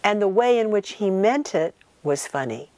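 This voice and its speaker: A woman in her sixties, a guest in an interview, telling animated and emphatic stories and acting out the people she quotes. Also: mid-range voice, normal speed, no room sound. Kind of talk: anecdotal interview storytelling.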